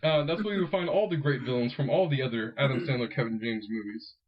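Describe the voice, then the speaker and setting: A man's voice: mid-range voice, fast, highs cut off. A man co-hosting a podcast, telling a rambling comic story with many fillers. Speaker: podcast co-host. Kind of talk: casual comedic storytelling.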